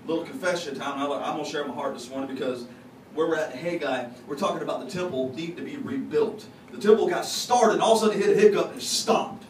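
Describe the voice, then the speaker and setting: A man's voice: fairly high pitch, fast. A man preaching a conversational, folksy sermon to his congregation, sharing confessions and teasing people in the pews. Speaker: pastor. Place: church sanctuary. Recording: echoey, distant, noisy church recording.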